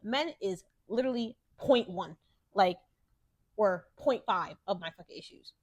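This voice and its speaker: A woman's voice: medium pitch, lively intonation, measured pace, a little mellow, dry recording, dull audio. Young woman podcaster, dry close sound. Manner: candid, profane storytelling, grows heated when ranting. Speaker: podcast host. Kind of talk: casual monologue.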